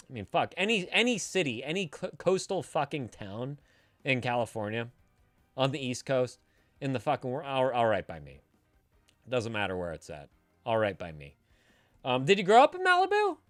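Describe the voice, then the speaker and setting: A man hosting a casual live stream, reading chat aloud and answering with loud, teasing, profane banter while drinking beer. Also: medium pitch, no room sound. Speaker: streamer giving advice to chat. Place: home streaming setup, San Francisco.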